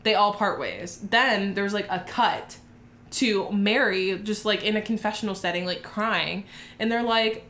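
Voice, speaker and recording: A woman's voice: mid-range voice, measured pace, fairly bright tone, echoey room, a little hiss or hum. Brash, profane woman telling a story. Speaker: podcast co-host. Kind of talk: casual storytelling chat.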